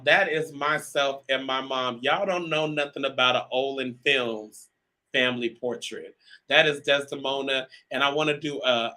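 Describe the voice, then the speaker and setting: Male live-show host, bright forward tone, chatty and direct with viewers, filler-heavy. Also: mid-range voice, rough recording. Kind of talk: live talk show monologue.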